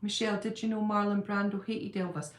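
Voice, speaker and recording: A woman's voice: mid-range voice, level tone, brisk, slight background noise. A woman hosting her own channel, chatting casually on a live stream and rambling as she answers viewer comments at home. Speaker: channel host. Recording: roomy echo.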